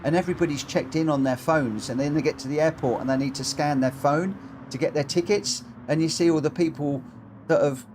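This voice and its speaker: Man, excitable race commentary, slightly high voice, game engine noise behind. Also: fairly quick. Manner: chatty, excitable, jokey. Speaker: race commentator and lobby host. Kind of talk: live stream commentary.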